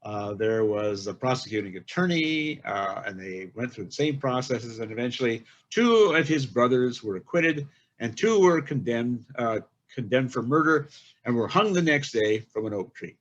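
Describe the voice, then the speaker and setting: An older man giving a webinar talk from home, explaining carefully with many pauses and fillers. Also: mid-range voice, animated. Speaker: guest speaker. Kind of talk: webinar lecture. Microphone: home computer mic on a video call. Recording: dull lo-fi call audio.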